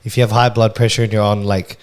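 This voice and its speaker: A man's voice: lowish voice, level tone, fast talker, clear, resonant tone. A young man co-hosting a podcast, laid-back and laughing often, swearing freely in casual chat. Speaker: podcast co-host.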